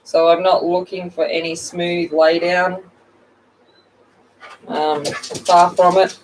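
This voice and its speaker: A woman's voice: lowish voice, flat delivery, slow pace, darkish tone, distant mic, a little hiss or hum, low-quality recording. A middle-aged woman chatting casually while she colors on a livestream, greeting viewers by name and laughing at herself. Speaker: coloring channel host.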